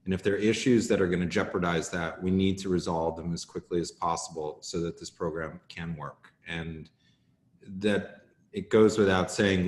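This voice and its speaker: A man's voice: low-pitched, a little mellow, echoey room. A man chairing a video-call meeting in an earnest, emphatic way, calling on speakers.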